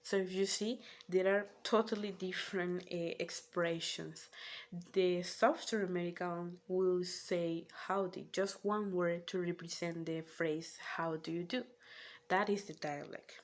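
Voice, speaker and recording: Female presenter, lower register, methodical lecture delivery with hesitation fillers. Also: fairly even intonation. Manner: careful, measured explaining with "eh" fillers. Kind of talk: spoken class presentation.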